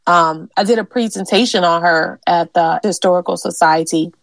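A woman's voice: on the low side, no echo, low-quality recording. A woman from Louisiana telling personal family history stories in an interview, earnest and conversational with many fillers. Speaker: genealogist and interviewee.

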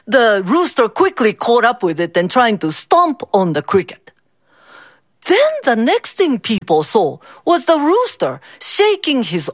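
A woman reading a folk tale aloud as a storybook, slowly and expressively. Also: on the high side, no room sound, studio quality. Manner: slow, expressive, switches into character voices.

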